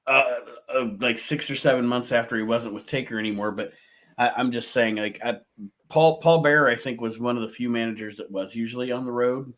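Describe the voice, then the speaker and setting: A man's voice: medium pitch, steady tone, fairly quick, fairly bright tone. A man co-hosting a casual chat, starting and restarting his points, often laughing. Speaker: podcast co-host.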